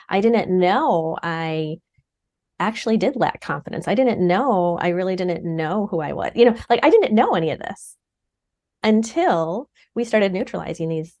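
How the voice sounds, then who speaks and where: A woman's voice: on the low side, a little mellow. A middle-aged woman in a conversational interview, speaking earnestly and often repeating words as she searches for them. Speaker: guest, client sharing her recovery.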